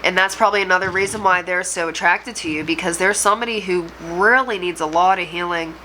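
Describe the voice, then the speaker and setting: A woman's voice: lowish voice, fast, sharp tone, slight background noise, rough recording. A woman reading tarot cards and channeling messages, talking straight to the viewer in an earnest, reassuring way. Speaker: tarot reader and medium.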